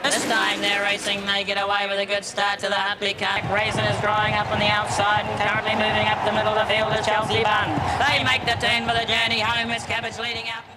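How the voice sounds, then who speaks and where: A woman playing a country bloke calling a horse race in brisk race-caller patter for a comedy sketch. His voice sounds a bit distant. Loud music with brass plays behind this old clip. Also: medium pitch, monotone, lightly acted. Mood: excited. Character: rural New Zealand man calling a horse race. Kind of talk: race commentary parody.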